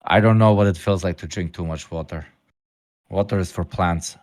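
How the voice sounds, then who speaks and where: A man guesting on a livestream, crude and joking, swearing heavily and breaking into loud excited bursts. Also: low voice, moderate pace, no echo, clean studio sound. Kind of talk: casual livestream banter.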